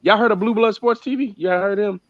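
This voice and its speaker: Fairly high-voiced man telling stories. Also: quick pace, a crowd in the background. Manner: boastful storytelling, profane. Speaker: podcast co-host. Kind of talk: casual chat. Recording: dull lo-fi dry sound.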